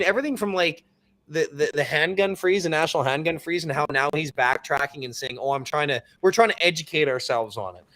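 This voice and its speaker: A man's voice: on the high side, a bit bright, no room sound. Exasperated, rambling male guest. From Canada. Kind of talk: casual livestream chat.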